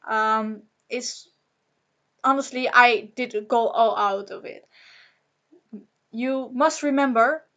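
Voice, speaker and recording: A young woman whose first language is Dutch, talking on a personal vlog in a halting, emotional way, with nervous laughs and many fillers. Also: fairly high pitch, fairly bright tone. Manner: angry and shaken. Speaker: vlogger.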